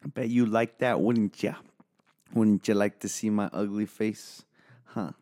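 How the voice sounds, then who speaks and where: A man with a fairly low voice and an American accent talks alone into an office microphone. He rambles in a sarcastic, cheerfully profane way, hosting his own podcast as a solo monologue. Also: steady tone, measured pace, warm tone. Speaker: podcast host. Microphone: studio microphone.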